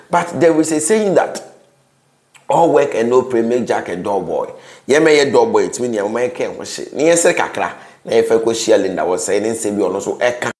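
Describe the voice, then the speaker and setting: A man's voice: mid-range voice, a little mellow. A Ghanaian man hosting a gossip news commentary, with pleading, preachy asides to his viewers. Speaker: host. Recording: roomy echo.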